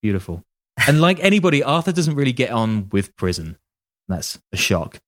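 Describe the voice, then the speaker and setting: A man's voice: medium pitch, big pitch swings, normal speed, fairly bright tone. A man telling a true-crime story casually on a podcast, with wry joking asides and casual swearing. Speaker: podcast host.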